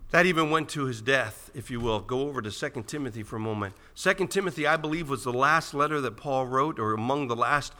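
A man's voice: medium pitch, quick pace, hardly any pauses, bright, forceful tone, in a large hall. A man preaching a sermon to his church in an earnest, emphatic manner. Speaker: pastor.

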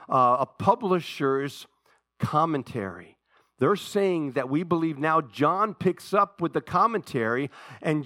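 High, bright-voiced preacher in a dry room. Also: male voice, no room sound. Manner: swings from loud emphatic peaks to low quiet asides; repeats phrases for emphasis. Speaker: pastor. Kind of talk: sermon.

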